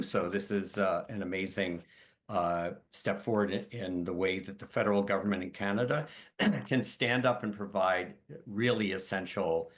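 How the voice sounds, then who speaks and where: An older man speaking as a panelist on a video call, measured and explanatory, with frequent fillers. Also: low voice, steady tone. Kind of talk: explanatory webinar talk.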